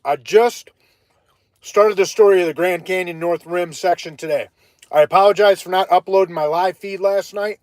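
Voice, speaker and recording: A man from Ohio telling a hiking story on a casual live stream, chatty and animated, breaking off to greet viewers. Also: sits high, no echo. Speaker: livestreaming vlogger.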